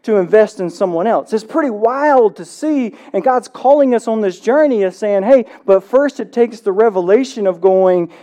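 A man preaching a sermon, reading scripture aloud and then expanding on it with animated asides. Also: high voice, normal speed, few pauses. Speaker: pastor.

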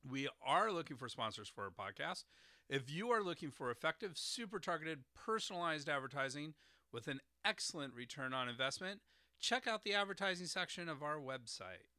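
A man's voice: a little high, big pitch swings, brisk, sharp tone, no room sound, studio quality. A man hosting an educational podcast as a doctor of herbal medicine, explaining terms carefully and spelling them out letter by letter.

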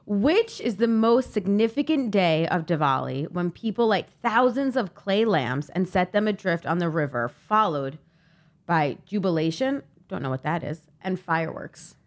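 A woman's voice: on the low side, expressive, moderate pace. A woman hosting a quiz on a casual podcast, reading out questions and options and teasing the players with a laugh. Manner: playful, teasing, laughs often. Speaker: guest quizmaster.

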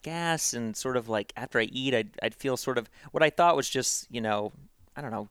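A man's voice: medium pitch, fairly bright tone, clear, resonant tone, no echo. A man speaking as a podcast guest, telling personal stories casually with self-deprecating humor and a frequent tag of "right?". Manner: repeats and restarts words while telling stories.

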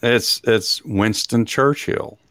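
Texan male host, easygoing rambler with fillers, mid-pitched, dry recording. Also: slow pace, a bit bright, no echo. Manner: rambling, chuckles often, hesitant with fillers. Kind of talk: casual podcast chat.

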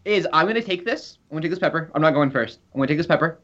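A man's voice: on the high side, animated, very fast, a bit bright. A man chatting casually on a podcast, explaining hot sauces with nervous laughs. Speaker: podcast co-host. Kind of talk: casual chat. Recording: dull lo-fi sound.

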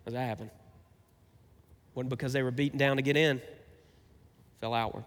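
A man in his thirties preaching a sermon, swinging between emphatic and quiet, reflective passages. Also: medium pitch, steady tone, moderate pace. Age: 30s. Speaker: pastor. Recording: reverberant hall.

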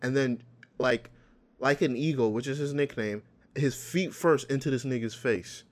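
A man chatting casually with a friend, telling a story with lots of energy. His voice sits at an ordinary middle pitch, and he slips into quick impressions of the people he talks about. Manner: animated storytelling, acts out quotes. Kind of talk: casual chat.

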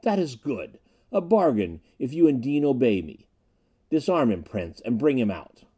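A man reading aloud and voicing a cruel male villain who taunts in a cold, hushed way. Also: mid-range voice, lively intonation, moderate pace, slightly rough. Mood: jeering. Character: cruel male space villain, mocking torturer.

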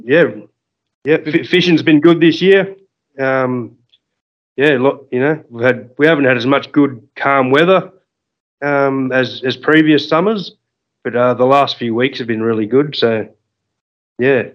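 An Australian man, a fishing guide and podcast guest, talking in a relaxed, hesitant way full of fillers. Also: medium pitch, measured pace, long pauses, dull audio. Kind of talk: casual podcast interview.

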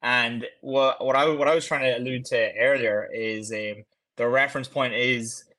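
A man's voice: mid-range voice, fairly even intonation, moderate pace, bright, forceful tone. A man co-hosting a casual fitness chat, blunt and frank about how clients move. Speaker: fitness coach, podcast co-host.

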